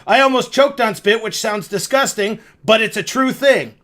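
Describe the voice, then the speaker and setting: A young video creator with a high-pitched, pushed and bright voice speaks at normal speed. He tells his viewers a rambling, profane, self-mocking story directly in a casual monologue.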